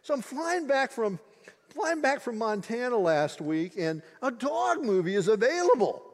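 A man preaching a sermon, telling stories with big, excited jumps in his voice, then slowing to hushed, weighty emphasis. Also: extremely high pitch, in a large hall. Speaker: pastor.

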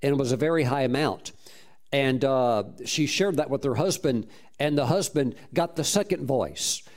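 A man's voice: mid-range voice, lively intonation, moderate pace. A man preaching a sermon as a pastor, telling a story with fervent praise and frequent restarts. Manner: repeats words while restarting phrases.

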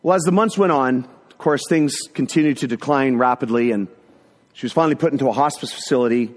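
A middle-aged man telling a personal story in a sermon, animated, acting out the voices of people in it. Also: medium pitch, fast. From northern Ontario, Canada. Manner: animated storyteller who acts out quotes. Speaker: speaker sharing a testimony. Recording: echoey hall.

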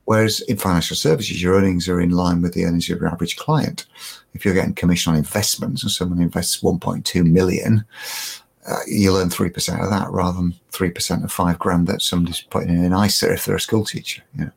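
A man's voice: low-pitched, flat delivery, quick pace, vocal fry, husky. An older man, a guest telling stories in a rambling, self-mocking way, full of restarts. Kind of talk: casual storytelling.

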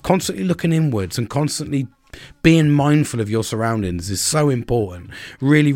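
A man's voice: mid-range voice, no room sound. A middle-aged man hosting a podcast, talking candidly and bluntly in a casual monologue, swearing often and repeating words as he starts sentences. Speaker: podcast host.

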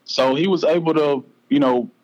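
A man's voice: fairly high pitch, normal speed, a little mellow, dull audio. A man in his forties with a Southern US accent, telling a personal story as a podcast guest in an earnest, heartfelt way. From North Carolina, US.

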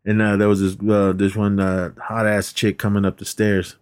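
A man's voice: monotone, normal speed, clean tone. A man co-hosting a podcast, casually retelling movie scenes, laughing a lot and acting out quotes in a raised voice. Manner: laughs constantly, acts out quotes in a high voice. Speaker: podcast co-host. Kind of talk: casual movie recap chat.

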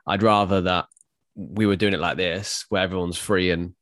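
Deep, nasal man, laid-back. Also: steady tone, moderate pace, fairly bright tone, no echo, clean studio sound. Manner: resigned, laid-back, swears casually. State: ill with a cold-like virus. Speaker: podcast co-host. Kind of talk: casual chat.

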